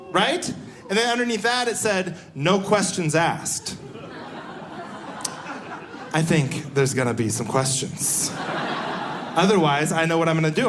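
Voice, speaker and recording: On a live stage, a young man performs stand-up, animatedly telling stories and acting out the voices of the people in them. His voice sits high, and there's a noisy background.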